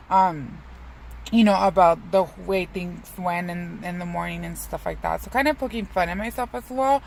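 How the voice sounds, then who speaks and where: A woman's voice: lowish voice, vocal fry, slight background noise, rough recording. A young woman in a casual, rambling vlog who swears freely and pokes fun at herself. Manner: rambling, profane, self-mocking.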